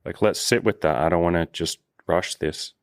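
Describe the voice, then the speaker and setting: A very deep-voiced man speaks earnestly and with measured warmth of words, affirming the others. The sound is dry and close, with no room around it. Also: dry recording. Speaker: dating coach and host. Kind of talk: casual podcast conversation.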